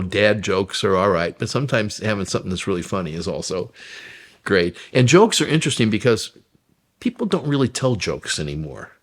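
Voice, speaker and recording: A man with a fairly low voice recounts his work as a vaudeville troupe performer. He tells his stories haltingly, with many fillers and bursts of laughter. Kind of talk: interview storytelling.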